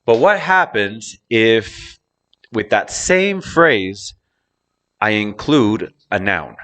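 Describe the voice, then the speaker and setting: Guy teaching english pronunciation really slow, lowish voice, leans hard on key words. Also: big pitch swings, a bit bright. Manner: drawn-out words, exaggerated stress on key words. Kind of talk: slow, deliberate lesson explanation.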